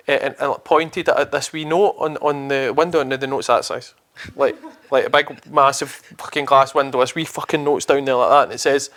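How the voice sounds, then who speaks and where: Fast-talking Scottish man telling stories. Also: medium pitch, steady tone, a bit bright. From Scotland. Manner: rambling anecdotal, swears casually. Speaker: podcast co-host. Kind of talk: casual storytelling chat.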